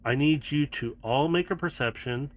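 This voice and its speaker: A man's voice: on the high side, normal speed. A man narrating and running a tabletop role-playing game as game master, in a casual, storytelling manner with laughs.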